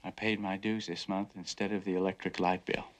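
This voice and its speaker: A young actor playing a dreamy, restless son who talks wryly and sometimes drops to a whisper. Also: male voice, low-pitched, little pitch movement, a little fast, lightly acted. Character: restless dreamy young man, bitter and wry. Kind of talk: television drama acting.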